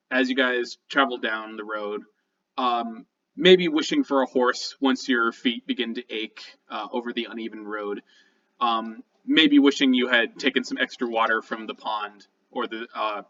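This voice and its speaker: A man's voice: medium pitch, bright, forceful tone, far from the mic, lo-fi sound. A man narrating as game master of a tabletop game, casual and laughing often between descriptions.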